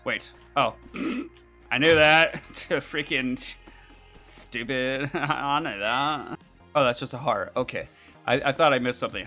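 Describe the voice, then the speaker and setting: A woman's voice: very deep voice, a little slow, fairly bright tone, soft background music. A woman streaming a game, giggling and joking playfully with the odd swear word. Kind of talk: casual gameplay commentary.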